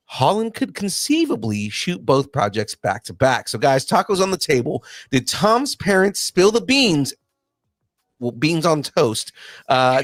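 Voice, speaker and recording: A man's voice: on the high side, dry recording, clean studio sound. A man hosting a casual pop culture podcast, chatting and reading news items aloud with jokes. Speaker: podcast host. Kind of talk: casual chat.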